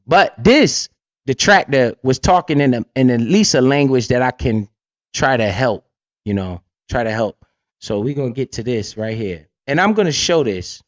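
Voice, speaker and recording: A man's voice: mid-range voice, no room sound, lo-fi sound. A man hosting a casual livestream, talking bluntly with lots of swearing and keeps asking "right?". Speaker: livestream host and crypto investor.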